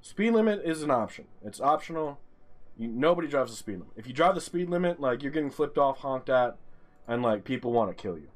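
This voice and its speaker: Ranting, foul-mouthed New York gamer. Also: male voice, mid-range voice, very animated, a little fast. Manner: exasperated, swears constantly, ranting. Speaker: streamer playing a geography game. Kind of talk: profane gaming commentary.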